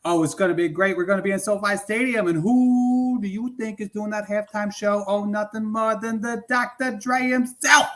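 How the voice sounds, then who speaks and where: A man's voice: sits high, steady tone, normal speed, hardly any pauses, a bit bright. A man putting on a swaggering sports-fan bro. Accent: put-on East Coast accent. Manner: swaggering, addresses everyone as buddy and friend. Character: brash loud male sports fan, boastful. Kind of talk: comedic improv character.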